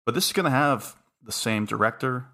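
A man's voice: mid-range voice, lively intonation, fairly quick, pushed and bright. A man hosting a casual podcast chat, musing aloud and laughing between points. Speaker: podcast host.

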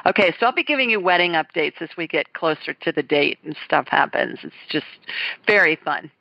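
Chatty middle-aged woman host, low voice. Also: animated, brisk, creaky, dry recording, muffled recording. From US South. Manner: chatty, enthusiastic. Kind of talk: casual chat.

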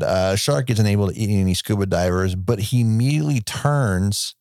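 Low-voiced excited movie-talk man. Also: no echo, studio quality. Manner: enthusiastic, swearing, rambling restarts. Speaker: podcast co-host. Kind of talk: casual movie discussion.

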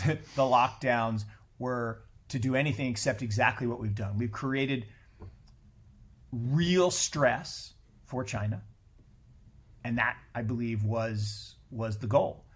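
A middle-aged man talking as a podcast guest in a casual conversation, animated and blunt, swearing freely and often restarting his sentences. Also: medium pitch, measured pace, slightly rough.

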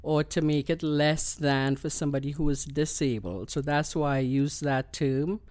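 Trinidadian woman, smooth and dry. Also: low voice, a little mellow, no echo. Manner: earnest, explanatory, measured. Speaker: guest. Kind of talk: conversational interview.

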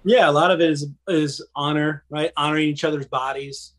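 A middle-aged man and former pastor talking candidly as a podcast guest, earnest and animated, often checking in with "right?". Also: a little high, fairly quick. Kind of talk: candid conversational interview.

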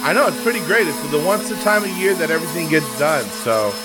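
A man's voice: a little high, expressive, fast, loud music behind the voice, lightly acted. A man playing a placating, flustered superintendent. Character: flustered male school superintendent. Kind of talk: improv comedy scene.

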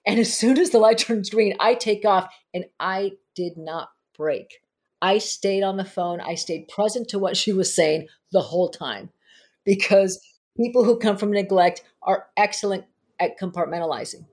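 Lively woman therapist telling stories. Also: medium pitch, moderate pace. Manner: animated, laughs often while telling stories. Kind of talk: podcast conversation, storytelling.

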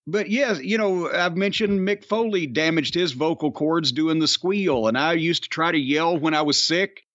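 An older man hosts a podcast, rambling through casual chat, swearing freely and doing mocking voice impressions. His voice sits on the high side with a fairly bright tone at a moderate pace. The recording is dry, dull and lo-fi.

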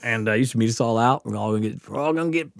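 A man from the Mississippi coast telling a wild story on a podcast, animated, profane and laughing often. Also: medium pitch, racing, creaky, no echo, clean studio sound. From Mississippi Gulf Coast. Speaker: podcast guest. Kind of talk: casual storytelling.

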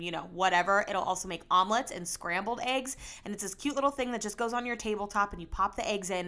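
A young adult woman hosting her own podcast, chatting casually and rambling with animated bursts of emphasis. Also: medium pitch. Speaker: podcast host. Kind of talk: casual solo podcast chat.

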